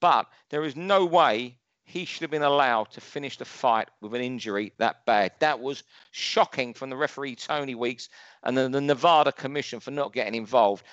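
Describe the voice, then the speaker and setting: A man's voice: mid-range voice, normal speed, a bit bright, clean tone, no room sound, muffled recording. A man with a London accent, talking boxing as a pundit on a casual podcast, chatty and opinionated, given to rants. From London, England.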